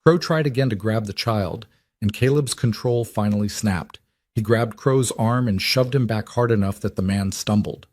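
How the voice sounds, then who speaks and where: Brief: male storyteller, lowish voice, measured and dramatic, dry close sound. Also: darkish tone, dry recording. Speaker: narrator. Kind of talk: scripted audiobook narration.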